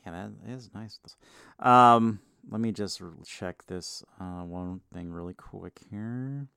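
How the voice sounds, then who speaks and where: A man's voice: lowish voice, slow, vocal fry, a bit bright, clean tone, dry recording, studio quality. A man co-hosting a casual sports podcast, laid-back, giving short reactions and laughing often. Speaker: podcast co-host.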